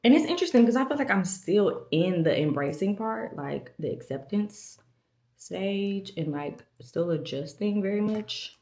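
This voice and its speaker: A woman's voice: mid-range voice, animated, unhurried, darkish tone, echoey room. A woman vlogging in casual talk to camera, chatty and self-deprecating, a little out of breath, with many fillers.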